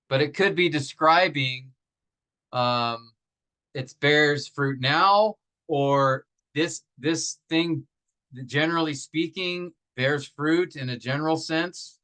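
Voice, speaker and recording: A man teaches a grammar lesson, patiently walking through each step and putting rhetorical questions to his class. He uses many fillers and restarts, slowing down to stress example phrases. His medium-pitched voice sounds bright and forceful, though the recording quality is low.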